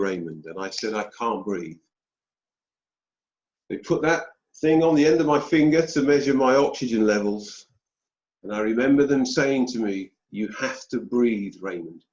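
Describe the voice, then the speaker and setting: A British man telling a personal story as an interview guest, slow and deliberate with pauses. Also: mid-range voice, a little mellow. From United Kingdom. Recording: dull roomy sound.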